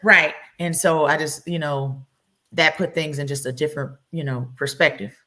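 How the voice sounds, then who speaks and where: A woman hosting a podcast speaks in a low but bright, forceful voice. She chats casually and enthusiastically, winding through her questions with plenty of fillers. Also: steady tone, moderate pace. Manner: rambling, many fillers, enthusiastic. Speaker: podcast host. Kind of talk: casual interview chat.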